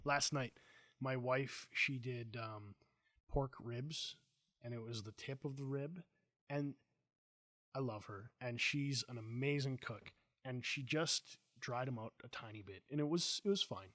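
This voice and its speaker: A man's voice: medium pitch, unhurried, dry recording. Jokey man hosting a dry-sounding chat. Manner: animated storyteller, jokey. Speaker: host. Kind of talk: casual chat.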